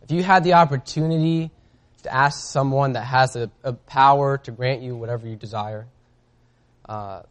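A man preaching a sermon in a casual, conversational way, reading scripture aloud and often pausing on fillers. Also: medium pitch.

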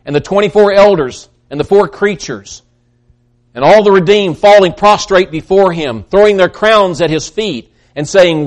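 A man preaching a sermon, swinging between loud emphatic peaks and hushed, soft passages, often repeating words as he builds. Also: a little high, normal speed. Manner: repeats words when excited.

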